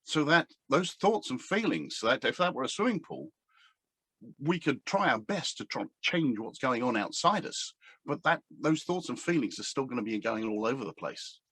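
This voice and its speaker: A man's voice: mid-range voice, big pitch swings, moderate pace, a bit bright, husky, no room sound. A middle-aged man, a coach, talking casually to a camera on his table, rambling and hesitant with many fillers. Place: indoors at a table. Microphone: camera standing on the table.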